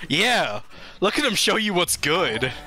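Excitable, crude young male streamer. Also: sits high, measured pace, soft background music. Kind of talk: casual live-stream banter. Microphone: webcam streaming setup.

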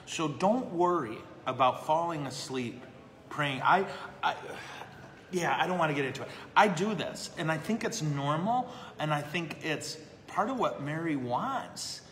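A man's voice: fairly high pitch, animated, measured pace, fairly bright tone. A man, a priest, chatting casually and answering questions live, self-deprecating and laughing often. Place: brewery. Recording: echoey room with long reverb.

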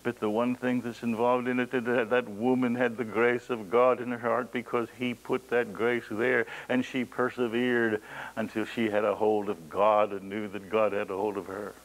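A man's voice: mid-range voice, little pitch movement, moderate pace, low-quality recording. A man preaching a sermon, with dramatic swings in his delivery, folksy storytelling asides and occasional chuckles.

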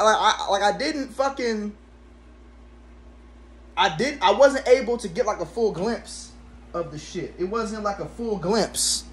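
A man in his twenties telling a casual storytime rant at home, swearing constantly and jumping into sudden high exclamations. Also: animated, moderate pace. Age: 20s. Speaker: vlogger.

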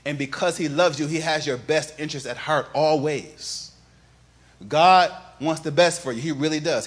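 A male pastor preaching a sermon, moving from quiet, conversational telling to loud, sing-song preaching and calling on the congregation to repeat after him. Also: a little high. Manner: calls on the congregation to repeat phrases.

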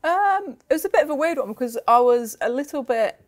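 A woman's voice: high voice, animated, a little fast. A young English woman with a mostly neutral accent and a faint Midlands twang, a rugby player chatting casually as a guest, with lots of fillers and laughter. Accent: neutral English with a slight Midlands twang. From England. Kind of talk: casual chat.

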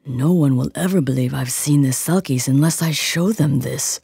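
A woman voicing a stubborn, headstrong but kind young fisherman in a storybook reading, speaking softly and earnestly in a breathy, hushed voice. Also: extremely low pitch, normal speed, no room sound, clean studio sound, full character voice. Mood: amazed. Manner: earnest, coaxing. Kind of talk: storybook character voice.

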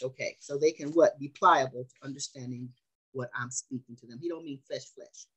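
A woman's voice: a bass voice, normal speed, husky, low-quality recording. Fields: Sex: woman. Role: preacher. Style: sermon. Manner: emphatic, questioning. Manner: emphatic, repeats phrases, asks the congregation questions.

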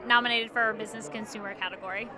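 A woman's voice: a little high, steady tone, rapid-fire, pushed and bright, some chatter behind. A woman TV consumer reporter who chats easily and explains her stories in detail. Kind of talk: casual interview.

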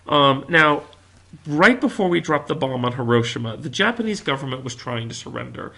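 A man from the United States giving a classroom history lecture with animated storytelling. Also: medium pitch, moderate pace, vocal fry. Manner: animated storytelling, acts out quotes. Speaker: history teacher.

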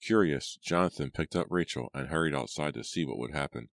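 A man narrating a spooky audiobook in a steady, measured storytelling manner. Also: very deep voice, vocal fry, no echo, clean studio sound. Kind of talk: scripted narration.

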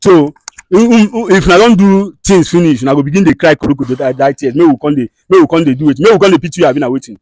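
A man with a Nigerian accent who hosts a comedy skit, scolding and soothing people in fast, direct talk. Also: fairly high pitch, darkish tone, dry recording, studio quality. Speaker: skit host and mediator.

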